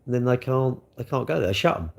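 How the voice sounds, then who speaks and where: A man's voice: mid-range voice, lively intonation, fast, vocal fry. Rambling man chatting. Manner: rambling, chatty, reads out viewer comments. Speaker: livestream host. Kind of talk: casual livestream chat.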